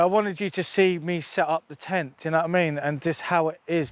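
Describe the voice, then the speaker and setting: A middle-aged man chatting casually on a live stream outdoors on open moorland, rambling and swearing freely into a phone held at arm's length. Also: fairly high pitch. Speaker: outdoor vlogger.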